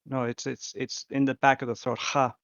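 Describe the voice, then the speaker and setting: A man running a tabletop game as game master, narrating slowly with many fillers and restarts. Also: mid-range voice, little pitch movement, gravelly, no echo, muffled recording. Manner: slow, halting, many fillers.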